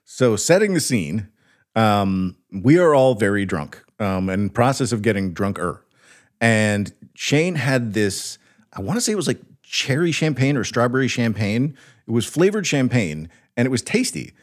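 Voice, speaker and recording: A young man co-hosting a podcast who laughs easily and jumps in with quick quips. His voice swings widely in pitch as he tells a story. Loose, casual banter. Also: big pitch swings. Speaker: podcast co-host.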